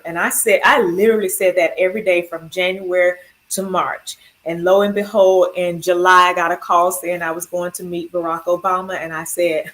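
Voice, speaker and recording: Woman, slightly low voice, heartfelt, rambling, personal testimony. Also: steady tone, unhurried, rough recording. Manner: heartfelt, rambling through long lists of thank-yous. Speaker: cancer survivor sharing her story.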